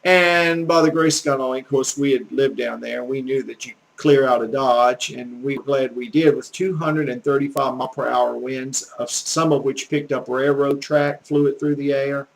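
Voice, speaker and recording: Southern drawl, older man, gravelly folksy teacher voice, earnest and a bit preachy. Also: mid-range voice, fairly even intonation, moderate pace, few pauses, poor audio. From American South, Gulf Coast. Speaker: YouTube language teacher. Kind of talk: casual rambling monologue.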